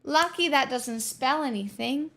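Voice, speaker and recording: A woman's voice: high voice, a little slow, fairly bright tone, slight background noise. A woman livestreamer chatting casually with her viewers, using sarcastic, mock-corporate girlboss patter.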